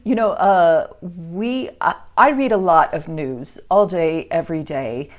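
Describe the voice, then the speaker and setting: An American woman co-hosting a casual political chat, with dry, deadpan humor. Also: fairly low pitch, a little slow. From United States. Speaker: podcast co-host.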